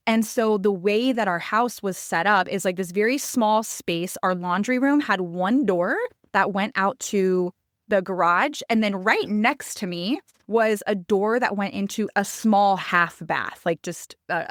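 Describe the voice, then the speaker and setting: A woman in her thirties hosts a podcast and tells a personal story in her own voice. Her tone is emphatic and confiding, and she talks straight to her listeners. Her pitch sits mid-range and the audio is close and dry. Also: measured pace, fairly bright tone, no room sound. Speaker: podcast host.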